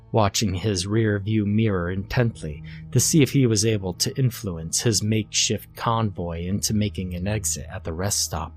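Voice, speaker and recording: A man reading a first-person horror story in a calm, steady scripted narration. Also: lowish voice, husky. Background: faint background music.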